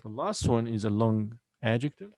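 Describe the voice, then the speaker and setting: A man's voice: mid-range voice, animated, normal speed, mellow, rough recording. A man teaching a vocabulary lesson, patiently repeating each word and breaking it into syllables to drill the stress. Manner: breaks words into syllables and stresses them clearly. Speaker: English teacher. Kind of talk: recorded online lesson.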